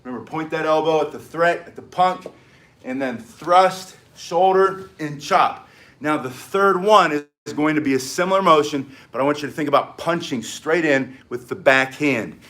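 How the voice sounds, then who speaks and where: An older American man with an excitable, energetic manner, teaching self-defense in a live-streamed martial arts lesson and barking short emphatic commands. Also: on the high side, moderate pace. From United States. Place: home in South Florida.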